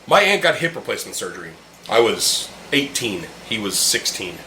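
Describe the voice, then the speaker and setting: In an echoey room with faint ambient noise, a young man hosts a casual podcast chat, drinking beer with friends while ranting heatedly and swearing constantly. His voice sits on the low side, sing-song and sharp, at a moderate pace.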